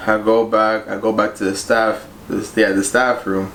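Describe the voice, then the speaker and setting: A young male vlogger tells a laid-back storytime about his job, his fairly low, fairly bright voice flat and moderately paced with hardly a pause. He's slangy and profane, leaning heavily on "bro" and "like," in a roomy, echoey space with faint noise.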